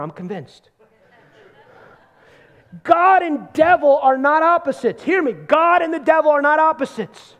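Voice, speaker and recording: High voiced guy preaching a sermon, punchy, repeats words, goes loud then quiet. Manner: emphatic, repeats words for stress, swings between loud and hushed.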